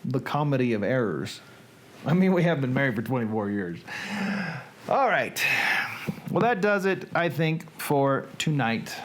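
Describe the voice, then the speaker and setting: Slow, drawling Southern man. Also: mid-range voice, big pitch swings. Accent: Southern American. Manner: folksy, playful, drawn-out delivery. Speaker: livestream host. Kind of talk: casual livestream chat and dramatic reading.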